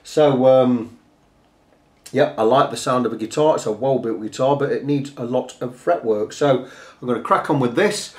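A man explains a guitar setup in a relaxed, practical way, thinking out loud as he goes and dropping in "um"s and "uh"s. His voice sits at an ordinary middle pitch. The sound carries a noticeable room echo from the workshop around him. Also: normal speed. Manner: casual, practical, talks through each step with fillers. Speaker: guitar repair technician. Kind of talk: workshop tutorial talk.

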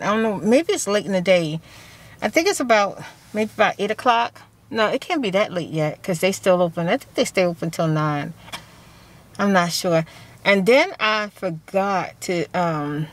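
A chatty woman, talking to her vlog viewers from the driver's seat of a car. She rambles from one thought to the next, laughing often, in an easy, mid-pitched voice. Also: poor audio. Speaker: vlogger. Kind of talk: casual vlog chat.

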